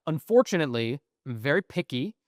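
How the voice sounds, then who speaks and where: A young man co-hosting a podcast, telling a story in casual, profane, animated chat. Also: on the high side, normal speed, no echo, studio quality. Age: young adult. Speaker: podcast co-host.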